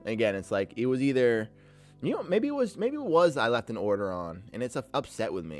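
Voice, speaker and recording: A man streaming live trades, talking to the market, reading chat aloud and swinging between loud cursing outbursts and low muttering. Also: big pitch swings, fast, faint music behind.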